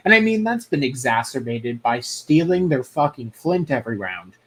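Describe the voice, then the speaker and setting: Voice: medium pitch, very animated, normal speed, a bit bright. A podcast co-host chatting casually in a recap, with dry sarcasm and casual swearing.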